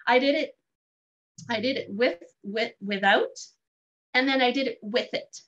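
A woman telling a story in a casual, animated way, laughing often and restarting lines. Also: a little high, unhurried. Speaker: guest sharing a story. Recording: dull lo-fi sound.

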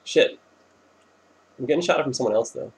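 A man playing a shooter game with a friend, talking casually, swearing and excitedly recounting his fights. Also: mid-range voice, fairly quick, gravelly. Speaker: gamer recording his play. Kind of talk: casual gameplay chat with a friend.

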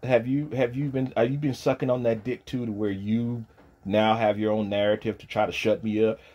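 A man, ranting on a livestream, profane and taunting, dropping from low mutters to loud shouting. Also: steady tone, normal speed, husky. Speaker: streamer pastor.

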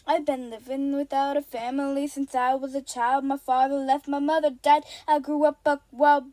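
A woman rapping the part of a brash young man in a musical theatre cover, with a quick rhythmic delivery. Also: sits high, darkish tone, no room sound, lightly acted. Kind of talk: rapped musical theatre verse.

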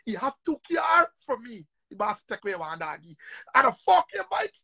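An angry man rants on a livestream, cursing and repeating himself in a raised voice. His voice sits high and rough with fry. The sound is dry and close. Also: very animated, normal speed, no echo. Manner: profane, repetitive, angry and shouting. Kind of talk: heated livestream rant.

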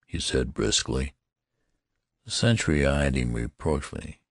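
Very deep, gravelly male narrator. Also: measured pace, dry recording, studio quality. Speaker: audiobook narrator. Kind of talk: scripted audiobook narration.

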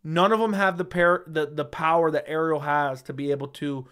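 A man's voice: on the high side, fairly even intonation, moderate pace, a bit bright, smooth. A man hosting a casual livestream, reading viewer chat aloud and giving blunt, sarcastic, slangy replies into a studio microphone.

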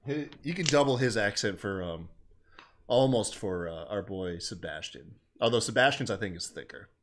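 A man's voice: fairly low pitch, expressive, moderate pace. A man co-hosting a casual wrestling recap podcast, laid-back and jokey, slipping into quoted voices. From American South. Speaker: podcast co-host.

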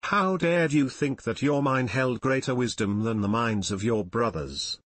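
Man reading a stern council elder, cold, scornful, husky, dry close sound, audiobook. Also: mid-range voice, measured pace, fairly bright tone, no echo.

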